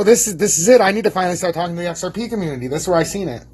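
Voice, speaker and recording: A man streaming casual market commentary, brash and boastful, swearing freely and rambling, with a husky voice. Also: high voice, animated, racing, few pauses, a little mellow. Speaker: crypto chart streamer.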